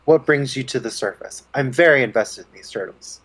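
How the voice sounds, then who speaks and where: A man's voice: mid-range voice, brisk, a bit bright, poor audio. A man playing a bard in a tabletop game, musing and thinking aloud. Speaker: player.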